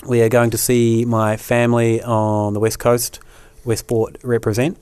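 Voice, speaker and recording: A man's voice: medium pitch, a little slow, clear, resonant tone, no echo. A man co-hosting a podcast in casual chat, rambling along with plenty of fillers, recorded close and dry. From New Zealand. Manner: relaxed, rambling with many fillers. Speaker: podcast co-host.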